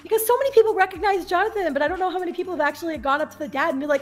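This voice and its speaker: Young woman guest on a podcast, high voice, giggly, acts out quotes, faint music under it. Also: rapid-fire. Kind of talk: casual storytelling chat.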